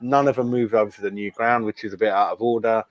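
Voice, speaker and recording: A man's voice: fairly low pitch, fairly even intonation, fast talker, dry recording. Chatty man, dry sound. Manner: chatty, rambling, says mate a lot. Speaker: fan channel co-host. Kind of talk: casual chat.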